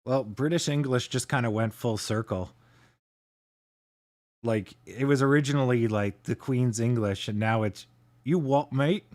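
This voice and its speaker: A man from Canada hosting a casual livestream, chatting with his viewers in a relaxed way and chuckling often. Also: mid-range voice, measured pace. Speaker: livestream host.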